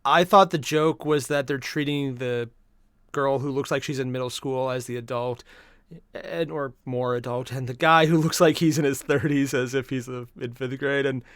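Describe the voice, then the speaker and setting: A man's voice: medium pitch, fairly even intonation, normal speed, no room sound, studio quality. A man hosting a casual reaction video, rambling and repeating himself as he talks through his thoughts.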